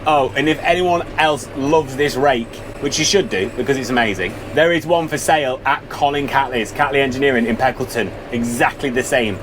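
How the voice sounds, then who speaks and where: A man's voice: medium pitch, fairly quick, hardly any pauses, background noise. A man, chatting casually as he films his farm work, rambling and poking fun at himself. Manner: chatty, rambling, self-deprecating. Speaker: farmer vlogger. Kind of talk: casual vlog commentary. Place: outdoors on a farm and in a tractor.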